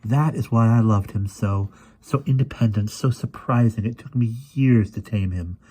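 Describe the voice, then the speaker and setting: A man's voice: fairly low pitch, moderate pace, mellow, close to an everyday voice. A man doing a languid, possessive witch queen. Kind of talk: audiobook character reading.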